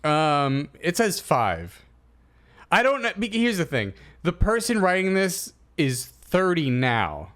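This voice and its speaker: A man in his thirties co-hosting a comedy podcast, telling stories in a casual, animated way and acting out quotes. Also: a little high, takes it slowly. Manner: animated storyteller, acts out quotes. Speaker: podcast co-host.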